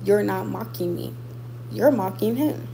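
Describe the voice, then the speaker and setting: A woman's voice: mid-range voice, lively intonation, unhurried, gravelly, warm tone, slight background noise, poor audio. A woman boxer chatting casually with her viewers, emphatic and repeating points for stress. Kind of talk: casual livestream chat with viewers.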